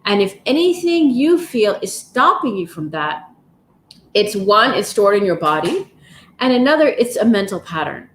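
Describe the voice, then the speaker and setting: Gentle woman guiding affirmations, echoey room. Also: medium pitch, big pitch swings, a little hiss or hum. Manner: gentle, encouraging, slow and soothing. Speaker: wellness coach leading a live session. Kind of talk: guided stretching, breathing and affirmations. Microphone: livestream, device mic.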